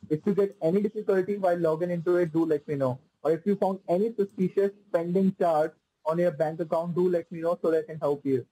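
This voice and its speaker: A man's voice: on the high side, warm tone, breathy edge, no echo. A man on a phone call, posing as a support agent, who talks in a repetitive way, full of "like" and "sir". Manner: repetitive, fills speech with "like" and "sir".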